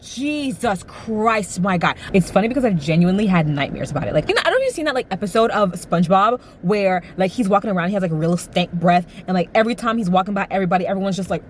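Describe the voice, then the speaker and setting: A woman's voice: medium pitch, expressive, fast talker, few pauses, a little hiss or hum. A woman in her twenties chatting casually to the camera, dramatic and full of fillers, acting out little quotes as she talks from inside a car. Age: 20s. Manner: chatty and dramatic, heavy use of "like", acts out quotes. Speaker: vlogger. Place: inside a car while driving. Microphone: camera mic.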